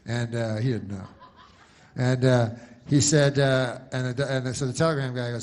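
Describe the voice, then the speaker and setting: A man doing a rambling, deadpan stand-up routine, full of pauses, restarts and asides. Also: mid-range voice. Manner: mocks a pushy announcer in loud bursts. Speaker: comedian.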